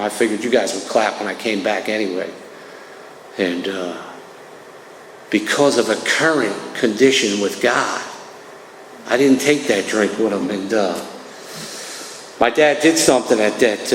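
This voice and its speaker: A middle-aged man from New Jersey giving a conversational personal talk at a recovery meeting, peppering it with "man" and "right". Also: on the low side. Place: meeting hall. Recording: echoey hall, faint room noise.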